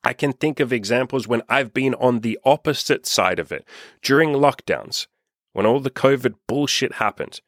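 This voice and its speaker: A man's voice: medium pitch, normal speed, a bit bright, dry recording, clean studio sound. A young Australian man coaching in a blunt, profane, casual monologue. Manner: blunt, profane, repetitive emphasis. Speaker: self-help coach.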